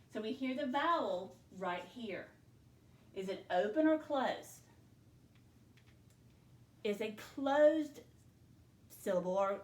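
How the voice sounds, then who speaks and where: A woman teacher talks slowly and patiently, breaking words into sounds and letters one at a time. Her voice sits in a middle register. She stands back from the mic in an echoey room. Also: mid-range voice, darkish tone, recorded from a distance. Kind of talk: spelling dictation lesson.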